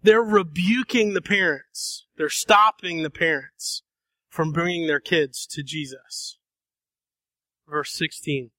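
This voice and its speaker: A man preaching a sermon, dramatic, acting out voices and shifting between soft and loud passages. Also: fairly high pitch, takes it slowly, no room sound. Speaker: pastor.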